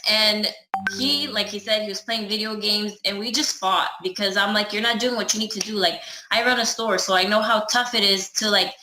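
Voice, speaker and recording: A woman's voice: mid-range voice, fairly even intonation, brisk, sharp tone, roomy sound, poor audio. A woman chatting casually through a personal story, acting out the dialogue as she goes. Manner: chatty, acts out her own and others' dialogue.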